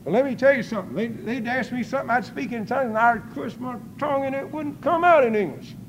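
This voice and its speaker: An older man preaching a testimony sermon in folksy storytelling style, breaking into loud praise. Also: extremely high pitch, fast, noisy background.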